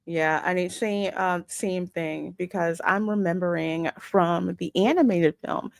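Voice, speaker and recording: A woman co-hosting a casual film review chat. She talks in an animated, hurried way, with many restarts. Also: lowish voice, creaky, no echo.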